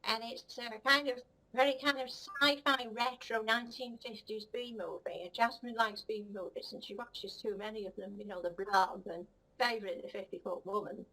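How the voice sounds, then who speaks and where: A woman with a sharp, steady, high-ish voice and moderate pace plays a smug female cat in a comic puppet-style monologue, rambling rudely, giggling and praising herself. The recording quality is low.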